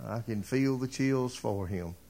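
A man's voice: mid-range voice, measured pace, dark tone. A male preacher delivering a sermon, retelling a story dramatically and building to fervent appeals to the congregation.

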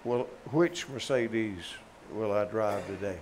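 A man's voice: lowish voice, slow pace, a little mellow, a little hiss or hum. An older man with a Southern US accent preaching a folksy, joking sermon with emphatic peaks.

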